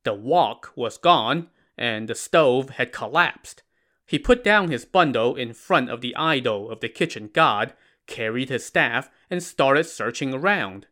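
Male storyteller, mid-range voice, even and measured, wry asides. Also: mid-range voice. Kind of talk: narrating a classic novel retelling.

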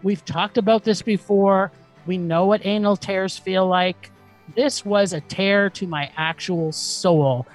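A woman's voice: mid-range voice, steady tone, slow pace, soft background music. A woman co-hosting a podcast, giving a profane and dramatic film review rant. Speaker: podcast co-host.

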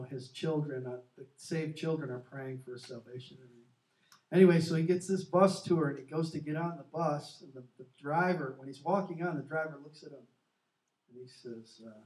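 A man's voice: a little high, moderate pace. Earnest storyteller man, echoey and distant. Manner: earnest, animated storyteller who acts out quotes. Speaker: co-host of a Christian talk show. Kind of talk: casual faith talk, storytelling. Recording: echoey room, distant from the mic.

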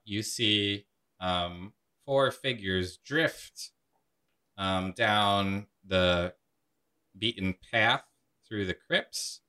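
Slow, bright-toned male game master. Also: low-pitched. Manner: calm, measured, with many fillers. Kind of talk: narrating a tabletop game.

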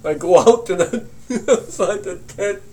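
A man casually telling a profane campfire story, animated and often laughing as he recounts it. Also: sits high, unhurried, a little hiss or hum.

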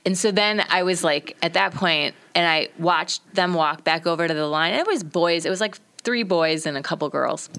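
A woman with a fairly low voice talks through a hard memory on a casual podcast. She is candid and plain-spoken. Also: normal speed, hardly any pauses, a bit bright, clear, resonant tone. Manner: candid storytelling, tearful and frank. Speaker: podcast guest.

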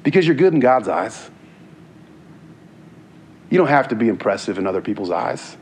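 A man's voice: medium pitch, sing-song, normal speed, slight background noise. A man preaching a sermon in an earnest, conversational way, sometimes repeating words as he goes.

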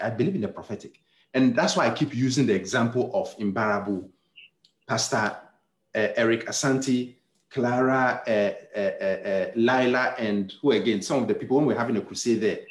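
A man's voice: medium pitch, roomy sound. A male pastor preaching a sermon, telling stories and acting out the dialogue, with many repeated words and restarts. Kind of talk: sermon storytelling.

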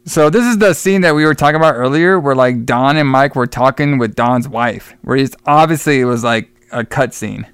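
A podcast co-host reviewing a horror film casually recaps its plot, rambling and repeating or restarting his words as he recounts scenes. His medium-pitched, fairly bright voice moves at normal speed with few pauses, in clean, studio-quality sound with no room sound.

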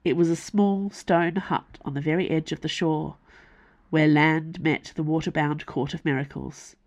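A woman reading her own fantasy novel aloud as audiobook narration, measured and unhurried. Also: low-pitched, fairly even intonation, darkish tone. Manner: slow, measured storytelling.

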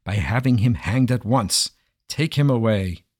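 A man voicing an imperious, quick-tempered king who gives commands. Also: mid-range voice, animated, darkish tone, breathy edge, no room sound, studio quality. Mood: commanding. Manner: commanding, roaring.

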